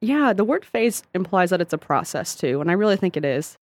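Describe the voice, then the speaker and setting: A woman co-hosts a casual advice podcast, joking and laughing easily. Her voice swoops up and down with lively inflection. The sound is dry and close, with no room around it. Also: on the low side, brisk, no echo. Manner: playful, laughs often. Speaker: podcast co-host.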